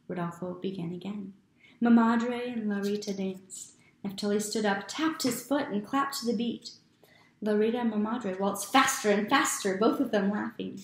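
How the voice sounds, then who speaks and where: A woman reading a children's novel aloud as a teacher, in an expressive, steady storytelling manner. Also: medium pitch, gravelly. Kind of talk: storybook read-aloud narration. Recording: echoey room.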